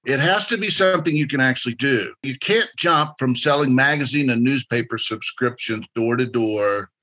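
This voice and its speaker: A man with a bright, forward, medium-pitched voice runs an interactive career workshop at a moderate pace. His delivery is direct and instructive, and he keeps encouraging the participants.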